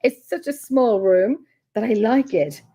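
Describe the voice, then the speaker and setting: A middle-aged woman with an Irish accent, a paranormal researcher telling stories in a casual interview chat, animated and quick to laugh. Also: a little high. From Ireland. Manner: animated storyteller, laughs often, acts out quotes.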